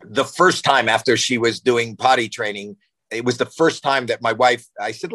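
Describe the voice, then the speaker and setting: A man in his sixties, a podcast guest telling a long, animated anecdote and acting out panic in it. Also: medium pitch, moderate pace, dry recording, poor audio. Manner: excitable, acts out panic and shouting in anecdotes. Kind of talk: animated storytelling.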